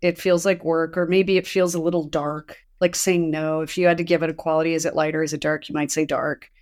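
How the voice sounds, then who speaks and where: A podcast host with a low-pitched voice chats casually at a brisk pace. She tells stories animatedly and acts out the quotes.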